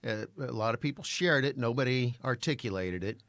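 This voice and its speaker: A man who works in voice-overs, co-hosting a casual podcast in an easygoing, halting way with many pauses. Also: medium pitch, a bit bright, no room sound. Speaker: podcast co-host, voice-over artist. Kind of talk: casual conversational podcast chat.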